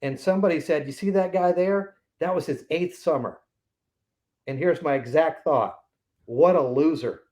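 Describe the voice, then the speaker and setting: A man's voice: on the high side, normal speed, darkish tone. A man in his sixties, a podcast guest, telling anecdotes in a casual interview and acting out the voices of the people in them.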